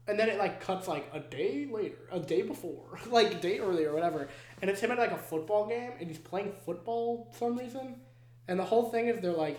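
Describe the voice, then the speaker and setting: A young man co-hosting a podcast, telling a movie plot in animated casual chat, swearing often and acting out the scenes. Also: high-pitched, brisk. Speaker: podcast co-host. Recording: echoey room.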